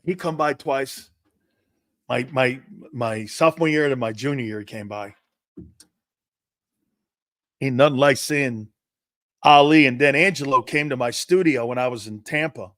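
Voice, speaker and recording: A man's voice: mid-range voice, unhurried, long pauses, a bit bright, no echo, studio quality. Rambling fifty-something man telling stories. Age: 50s. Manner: rambling, digressive, with restarts and profanity. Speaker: sports talk show host. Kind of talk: casual anecdotal storytelling monologue.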